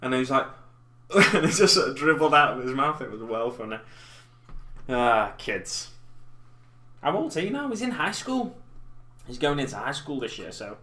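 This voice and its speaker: Bright-voiced man rambling casually. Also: mid-range voice, sing-song, normal speed. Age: 30s. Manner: rambling, self-deprecating, chatty. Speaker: live stream host. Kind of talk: casual chat while painting miniatures. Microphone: desk mic in front of keyboard.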